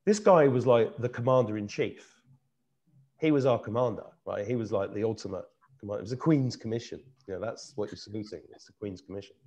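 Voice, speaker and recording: A man's voice: on the low side, a little fast, dull audio. Earnest middle-aged British man telling a story. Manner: earnest, animated, repeats himself while searching for words. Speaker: host. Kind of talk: casual conversational storytelling.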